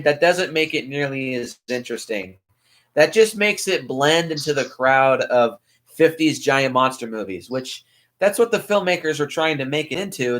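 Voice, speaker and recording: A man's voice: fairly high pitch, a bit bright. A young man hosting a casual film review podcast, blunt and opinionated, with frequent ums. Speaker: podcast host. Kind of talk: casual movie review chat.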